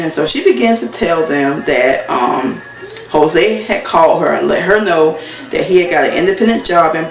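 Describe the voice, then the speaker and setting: A TV recap vlogger with a gravelly, fairly high voice casually goes over an episode of a reality show, rambling and leaning heavily on filler words. The mic sits at a distance in an echoey room.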